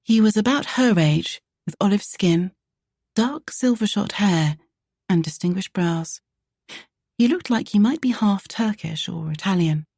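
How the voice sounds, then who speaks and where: A woman narrating a romance audiobook in a measured, even way. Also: medium pitch, vocal fry, slightly rough, no echo, clean studio sound.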